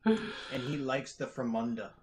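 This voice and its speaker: A man playing in a tabletop game over voice chat, chatting in a playful, animated way. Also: medium pitch, moderate pace, a little hiss or hum. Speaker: player.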